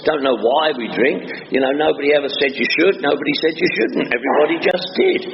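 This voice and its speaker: A man's voice: fairly high pitch, expressive, fast, vocal fry. A man from northwest London with a London accent, giving a humorous recovery talk to a meeting audience as a wisecracking storyteller. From northwest London, England. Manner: wisecracking storyteller, chatty with many asides. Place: meeting hall before an audience. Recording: dull reverberant hall recording with faint hiss.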